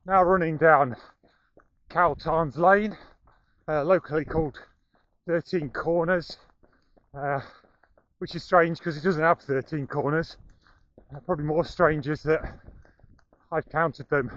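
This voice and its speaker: Jogging outdoors through town and over a bridge, a slightly winded middle-aged man gives a running commentary full of dry humour at his own expense. His voice is a little high and a bit bright, unhurried with frequent pauses, captured lo-fi and echo-free on an action camera he carries.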